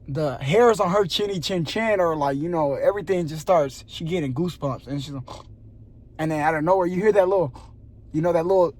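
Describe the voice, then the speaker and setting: A young man with a high, light voice tells a long story straight to his camera in casual slang. He gets animated and laughs often, then drops to a hushed voice to build suspense. It is recorded on a phone or camera mic at night in a gym parking lot. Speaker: vlogger.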